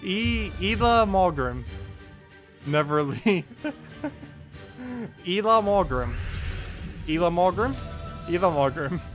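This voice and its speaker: A man's voice: high voice, very animated, takes it slowly, long pauses. A man streaming a game live, chatting casually and playfully, often breaking into laughter. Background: game music.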